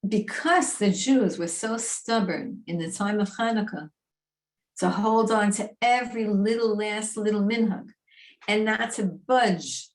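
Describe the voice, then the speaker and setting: A woman teaching a Torah class in a lively, chatty, emphatic way. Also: mid-range voice.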